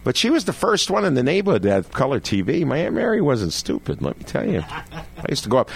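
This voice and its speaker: An older man spins a comic storytelling monologue with a lively, swooping voice. He chats straight to his listeners, teasing them and leaning into every detail. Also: mid-range voice, fast, vocal fry, breathy edge. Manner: animated, chatty, addresses the audience directly.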